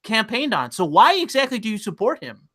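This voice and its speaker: A man with a bright, forceful and slightly high voice hosts a casual online chat. He rants with plenty of swearing and stumbles over repeated words as he builds his points. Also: very animated, fairly quick. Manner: profane, ranting, repeats words. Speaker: host.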